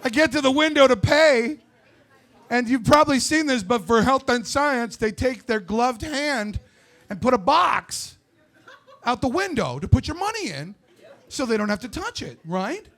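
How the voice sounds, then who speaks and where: A male stand-up comic on stage, ranting with profane, shouted punchlines. His voice sits high for a man. The tone is bright and cutting. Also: lively intonation, normal speed, a faint crowd. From United States. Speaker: stand-up comedian. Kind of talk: stand-up comedy set.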